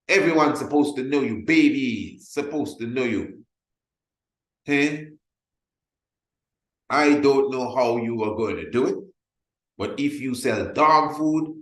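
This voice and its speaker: A man presenting a motivational sales webinar. He talks emphatically, repeats his points and acts out little scenes to make them. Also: medium pitch. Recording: roomy echo.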